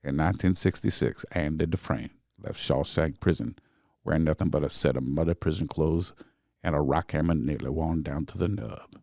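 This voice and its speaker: A calm, grave film narrator with a deep, low voice, as a man puts him on. The delivery is slow and solemn, like a movie voice-over telling a prison story. The sound is dry and close, with no room echo. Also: creaky.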